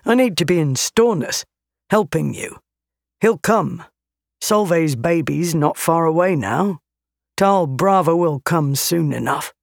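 A storyteller voicing a brash young male warrior, pitching up higher than the narration, eager and emphatic. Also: animated, slow pace, creaky, no room sound, clean studio sound, heavily acted.

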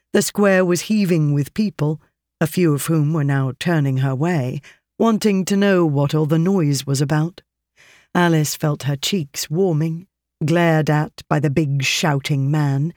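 Steady audiobook narrator, dry sound. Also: mid-range voice, no room sound. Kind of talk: scripted narration.

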